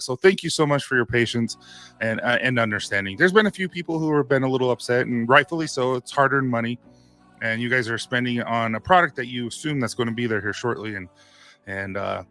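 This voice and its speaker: A man's voice: medium pitch, sharp tone. Upbeat, chatty man hosting a live stream. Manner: upbeat, chatty, greeting viewers by name. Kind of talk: casual live-stream chat.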